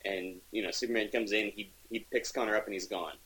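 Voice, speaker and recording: A man's voice: fairly low pitch, fairly even intonation, fast talker, a bit bright, husky, rough recording. A man co-hosting a podcast, talking enthusiastically in a rambling casual way with many restarts. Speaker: podcast co-host reviewing comics. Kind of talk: casual chat.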